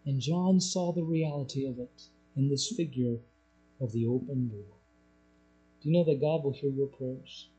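A man preaching a sermon, moving between soft, low explanation and loud, raised-pitch pleading. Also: normal speed, rough recording. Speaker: pastor. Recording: mains hum behind voice.

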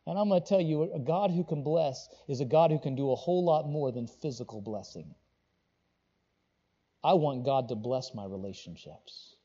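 A man preaching a sermon, rising to loud, pressing emphasis and then dropping to low, earnest tones. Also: expressive, normal speed, breathy edge, big-room sound, dull audio. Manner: swings between loud preaching and quiet, low earnest talk. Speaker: pastor.

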